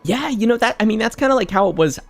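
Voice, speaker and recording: A male voice actor hosting a casual chat, telling animated stories with lots of laughter and restarts. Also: sits high, fast, vocal fry, no echo, soft background music. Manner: animated, laughing storyteller who often restarts his words.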